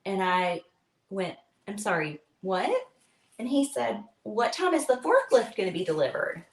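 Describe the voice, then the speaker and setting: A woman's voice: medium pitch, sing-song, measured pace. A woman hosting a live craft stream from home, chatting and telling a rambling story with lots of fillers. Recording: echoey room with faint noise.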